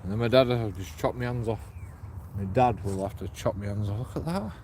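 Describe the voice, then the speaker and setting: A man's voice: lowish voice, brisk, dark tone, slight background noise. A man, a streamer talking on a walk outdoors, blunt and rambling with lots of swearing. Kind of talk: casual walking vlog.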